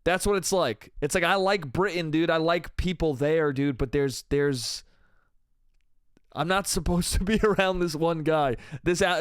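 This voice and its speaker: High-voiced, profane American man ranting. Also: dry recording, clean studio sound. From United States. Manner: profane, rambling, says "dude" constantly. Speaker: podcast host. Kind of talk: solo comedy rant.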